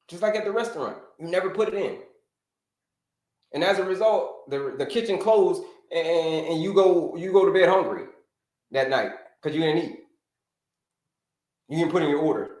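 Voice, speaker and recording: A man hosting a live health-coaching stream, talking to viewers in an animated, repetitive, preacher-like cadence. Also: a little high, echoey room.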